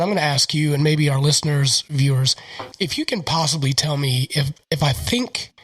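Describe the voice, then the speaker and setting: A man's voice: a little high, no echo, low-quality recording. Laid-back Southern man hosting a podcast. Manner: laid-back, storytelling with quoted voices. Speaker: podcast host. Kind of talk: casual podcast chat.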